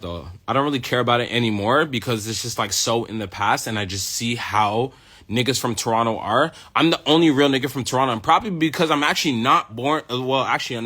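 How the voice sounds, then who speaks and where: A man's voice: medium pitch, bright, forceful tone. A young man from the United States, a rapper, in a boastful, profane, confrontational ranting monologue.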